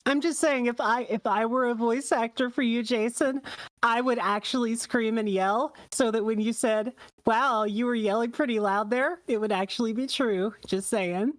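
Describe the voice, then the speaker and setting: A woman co-hosting a stream, her voice a little high and very dry, right on the mic. She chats in a playful, teasing way. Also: steady tone, normal speed, dry recording. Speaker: stream co-host. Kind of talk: casual live stream chat.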